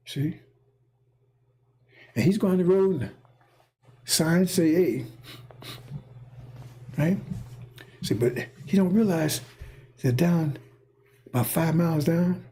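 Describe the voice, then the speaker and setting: A man's voice: a little high, creaky, breathy edge. A man delivering a rambling, casual spoken monologue, repeating himself and checking in with his listeners. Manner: casual, repetitive, keeps checking in with "see?" and "right?". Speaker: speaker giving a prophetic monologue.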